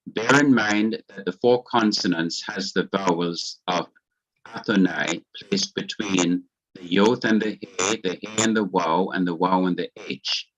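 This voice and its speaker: A man with a Jamaican accent teaching a Hebrew grammar class, explaining each point slowly, patiently and carefully. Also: fairly low pitch, a bit bright, lo-fi sound.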